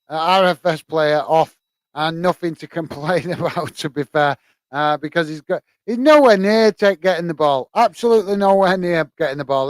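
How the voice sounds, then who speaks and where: A tired man hosts a live football watch-along, his talk full of fillers and restarts. His voice sits a little high and comes across smooth and clear. The sound is close and dry. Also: no room sound. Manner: rambling, many fillers. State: tired, yawning.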